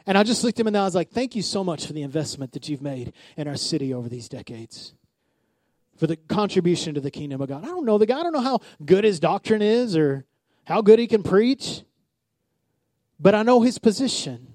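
High-voiced preaching man, dry sound. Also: very animated, brisk, darkish tone, dry recording. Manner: storytelling with acted-out quotes, call-and-response. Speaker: pastor. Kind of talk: sermon.

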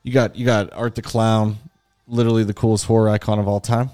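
A man's voice: on the low side, little pitch movement, fast, warm tone, faint music behind. A man co-hosting a casual movie podcast, swearing eagerly and tagging "right?" onto his points. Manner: enthusiastic, profane, rhetorical "right?". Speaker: podcast co-host.

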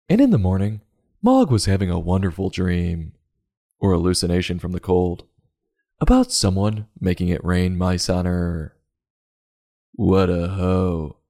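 Low gravelly man joking through a book review. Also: mellow. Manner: sarcastic, jokey. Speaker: podcast host reviewing children's books.

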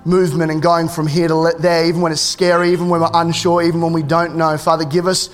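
High-voiced pastor in his thirties. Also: level tone, quick pace, soft background music. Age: 30s. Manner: casual, joking asides, repeated restarts. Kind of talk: sermon.

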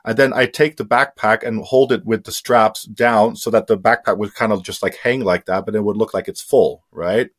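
A man's voice: lowish voice, steady tone, moderate pace, hardly any pauses. Candid man telling a story with swearing. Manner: candid, swears freely, many fillers. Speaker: interview guest. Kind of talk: casual storytelling.

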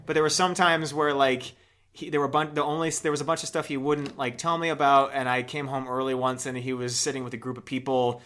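A man's voice: medium pitch, level tone, fairly quick, fairly bright tone. A man in his twenties, a podcast co-host, rambling and swearing in casual chat, laughing often. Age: 20s.

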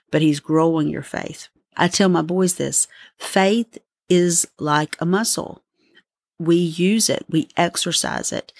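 Gravelly-voiced woman giving earnest encouragement. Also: on the low side, no room sound. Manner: earnest, gently pleading. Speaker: podcast host. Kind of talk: devotional encouragement talk.

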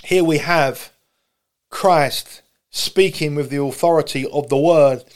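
A man preaches a broadcast sermon with a fairly high voice. He is impassioned, pushing his voice up into loud, pleading cries. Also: takes it slowly. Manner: impassioned, builds to high shouting pleas. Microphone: camera broadcast.

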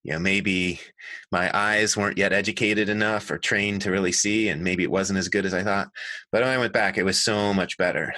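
A middle-aged man, an author and designer, telling stories as an interview guest in an earnest, animated way that often corrects itself mid-sentence. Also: low voice, a little fast, no room sound. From United States. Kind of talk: conversational storytelling.

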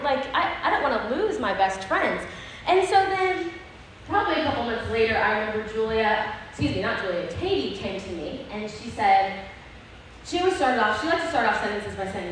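A woman speaking to an audience on a handheld mic, telling a personal story in an earnest, animated way. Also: on the high side, fairly quick. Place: room with an audience. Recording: echoey room, faint background noise.

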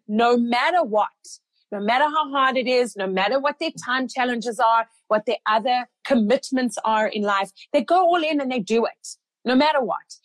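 Upbeat higher-voiced woman coach. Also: no echo, low-quality recording. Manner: affirming, encouraging, full of backchannels. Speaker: host and coach running a group program for mothers. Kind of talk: conversational podcast interview.

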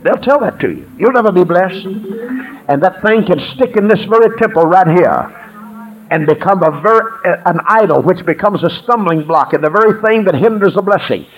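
A man preaching a lively sermon to a congregation, calling out for praise and answers. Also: high voice, normal speed, lo-fi sound. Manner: exuberant call-and-response preaching, shouts and laughs. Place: church sanctuary.

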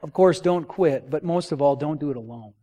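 Guy preaching a sermon, kinda high voice, jokey and casual, acts out the stories. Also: fairly quick. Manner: animated storytelling with acted-out quotes; informal, joking. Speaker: pastor.

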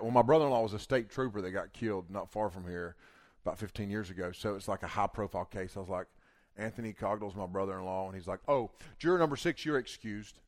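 A man telling a long story in a casual, animated way, acting out the quotes. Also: mid-range voice.

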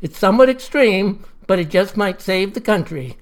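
A narrator voicing the solemn ghost of an old statesman who speaks in a measured, earnest way. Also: high-pitched, lively intonation.

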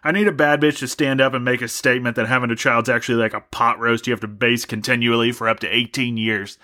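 A man's voice: medium pitch, little pitch movement, fast, bright, forceful tone. A young man hosting a podcast, delivering a profane, mock-angry comedic rant. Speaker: podcast host.

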